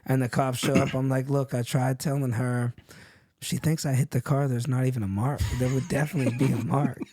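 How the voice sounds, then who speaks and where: A man telling wild stories in casual chat, animated and laughing as he acts out other people's lines. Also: mid-range voice, brisk, no room sound.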